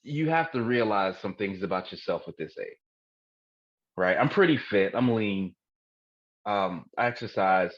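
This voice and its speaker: A podcast co-host in his forties speaks in a lowish, animated voice at a measured pace, pausing often. The talk is candid, comedic and profane, and he regularly laughs at his own jokes. The recording sounds dull, dry and lo-fi.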